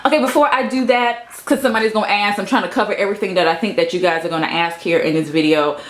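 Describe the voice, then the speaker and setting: A woman in her thirties giving a casual, playful tour of her home office studio, talking to the camera and sometimes to her cat. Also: quick pace. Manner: chatty, playful, breaks into high baby-talk with her cat. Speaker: vlogger.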